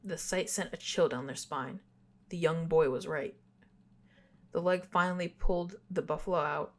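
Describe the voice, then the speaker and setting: Young woman podcast cohost, lowish voice, reading creepy stories, giggles and says sorry a lot. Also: steady tone, normal speed. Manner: giggly, apologetic about stumbles while reading. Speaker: podcast co-host. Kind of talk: reading spooky stories aloud, casual chat.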